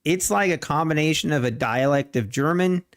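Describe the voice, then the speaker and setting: A man's voice: on the high side, moderate pace. Joking Pennsylvania Dutch accented man. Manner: joking, bantering with viewers. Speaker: day trading livestream host. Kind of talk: casual live-stream chat.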